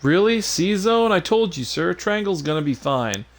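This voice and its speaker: A man doing an eager high-voiced young rebel. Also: moderate pace. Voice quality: high excited voice, ends lines with sir. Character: eager young male rebel lackey, says sir.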